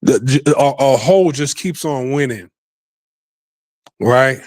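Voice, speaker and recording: A man's voice: medium pitch, slow pace, a little mellow, no echo. A man hosting a podcast, giving rambling, profane casual commentary and repeating himself often. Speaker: podcast host.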